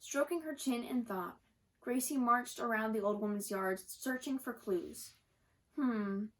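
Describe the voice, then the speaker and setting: Woman storyteller, gentle read-aloud for kids, slightly high voice. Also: unhurried, poor audio. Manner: gentle, occasional slips and self-corrections.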